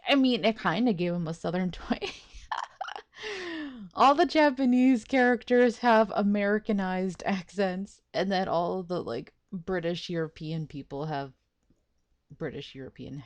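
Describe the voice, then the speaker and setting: A woman's voice: lowish voice, dry recording. Rambling, chatty woman gaming. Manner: rambling, chatty, laughs at herself. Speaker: let's play gamer. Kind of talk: casual game commentary.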